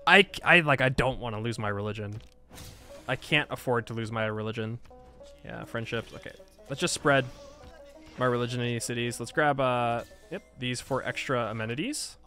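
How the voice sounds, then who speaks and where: Man, gameplay commentator, thinks aloud, mid pitch, self-mocking grumbles, faint music bed. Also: moderate pace, bright, forceful tone. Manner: thinks aloud, frustrated and self-mocking, frequent sighs and laughs. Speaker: gaming YouTuber. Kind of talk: casual Let's Play commentary.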